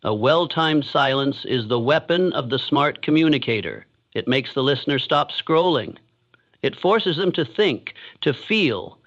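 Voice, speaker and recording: A man giving a scripted motivational narration in a measured, deliberate way with pauses. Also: fairly high pitch, a bit bright. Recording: dull lo-fi sound.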